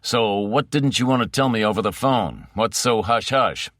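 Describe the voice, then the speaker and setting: A man voicing a brisk senior lawman who runs the room, clipped and businesslike as he presses for answers. The voice sits low and bright in a dry, close recording. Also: no room sound, close to an everyday voice. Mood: probing.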